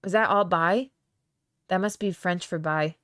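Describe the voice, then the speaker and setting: A woman hosting a live-stream podcast, chatting loosely with viewers and reading their comments aloud. Her voice is smooth and clear, and it sounds close and dry with almost no room echo. She talks in a playful, rambling way with lots of fillers. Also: on the low side, a little slow, a bit bright. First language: Aramaic. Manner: chatty, reads chat comments aloud, laughs often. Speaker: podcast host. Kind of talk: casual live-stream chat.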